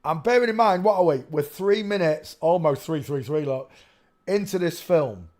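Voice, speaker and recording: A man's voice: a little high, lively intonation, normal speed, darkish tone. A man giving rambling casual commentary while reviewing a video. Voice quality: rambling, musing, with frequent restarts and asides.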